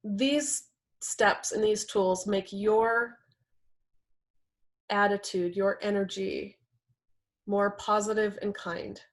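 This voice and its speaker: A woman gives a talk on communication in relationships. She speaks earnestly at a middle pitch and breaks into livelier voices when she quotes people. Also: steady tone, slow pace, long pauses. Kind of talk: presentation talk with slides.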